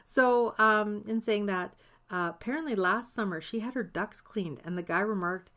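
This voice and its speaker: A woman's voice: medium pitch, moderate pace, fairly bright tone. A woman co-hosting a podcast, chatting casually, swearing lightly and joking along. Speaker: podcast co-host. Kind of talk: casual chat.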